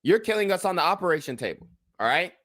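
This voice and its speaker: A man's voice: sits high, very animated, quick pace, a bit bright. A man hosting his own commentary channel, reacting to a clip and lecturing his viewers in a blunt, profane way. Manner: blunt, profane, lectures the viewers and asks them to vote in a poll.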